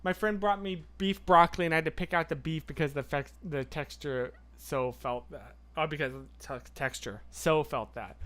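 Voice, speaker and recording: A man hosting a casual livestream, chatting and answering viewer comments in an excitable, rambling way. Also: a little high. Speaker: livestream host.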